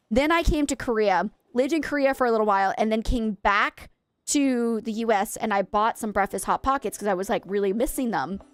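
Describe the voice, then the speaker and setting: A woman's voice: fairly high pitch, clean tone, no room sound, studio quality. A young woman from Maine chatting casually with viewers while she streams a game, wistful and rambling, often correcting herself mid-sentence. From USA (Maine).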